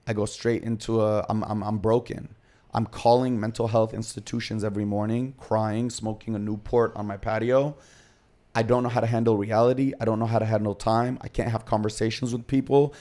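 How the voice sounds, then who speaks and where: A man sits in as a podcast guest and tells his own story in clipped, confessional bursts. His voice sits low, with little rise and fall in pitch. His tone is dark and mellow. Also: flat delivery, brisk. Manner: confessional, retelling events in short present-tense bursts.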